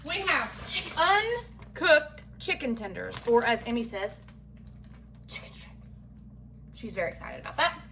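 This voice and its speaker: In her kitchen, a chatty, folksy mother runs a casual home cooking vlog, poking fun at herself as she goes. Her voice is fairly high and sing-song, bright and forceful, at a moderate pace. A faint hiss or hum sits under the recording.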